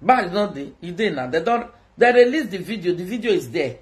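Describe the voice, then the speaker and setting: A woman's voice: fairly low pitch, animated, brisk, darkish tone. A woman with a Nigerian accent, chatting to viewers on a livestream, teasing them and sing-songing mock sales calls. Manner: sing-song hawking calls, switches between Pidgin and Yoruba. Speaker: social media live streamer.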